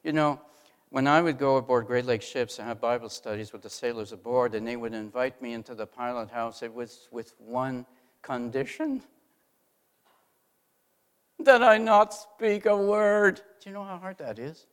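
A middle-aged man preaching a sermon, asking the congregation rhetorical questions and swinging from loud emphasis to hushed asides. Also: medium pitch, a little fast, clean tone.

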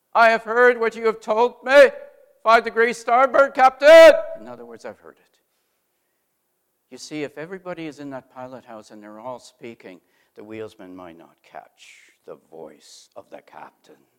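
A middle-aged man preaching a sermon, asking the congregation rhetorical questions and swinging from loud emphasis to hushed asides. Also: mid-range voice.

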